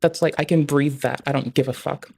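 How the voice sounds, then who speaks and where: A young man with a slightly high voice rambles through a casual live stream. He swears constantly and jumps from one tangent to the next. His delivery is loose, animated and unscripted. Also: a little fast, gravelly, noisy background.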